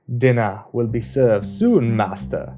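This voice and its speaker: A man reading aloud voices a sardonic young man who jokes and mocks, his voice pushed a bit higher and louder than the narration. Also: lively intonation, takes it slowly. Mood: mocking. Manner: sarcastic, joking, louder and higher. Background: guitar music.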